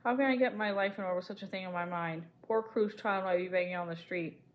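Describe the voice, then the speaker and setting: Brief: anxious guilty gentleman, earnest and worried, read by a woman. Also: mid-range voice, quick pace, muffled recording, close to an everyday voice. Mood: troubled.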